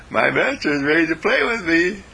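A man voicing a cheerful, playful male dog who is eager to please, speaking in an excited, bubbly way and repeating himself. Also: fairly high pitch, moderate pace, creaky, breathy edge, voice pushed up, heavily acted. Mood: happy, excited.

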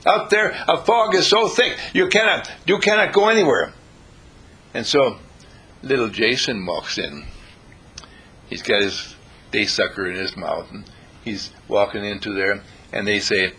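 A man delivers a sermon in a husky, gravelly voice with a bright, sharp edge. His pitch swings widely as he tells stories and slips into the voices of the people in them. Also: measured pace, pauses often. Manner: animated, acts out characters in the stories. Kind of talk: sermon with storytelling.

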